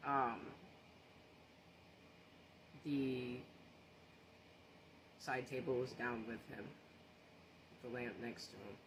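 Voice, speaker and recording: A man's voice: medium pitch, steady tone, drawn-out words, pauses often. Shaken man telling a storytime, noisy. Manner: earnest, shaken retelling with restarts and repeated phrases. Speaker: social media storyteller. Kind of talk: casual personal storytime. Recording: noticeable background noise.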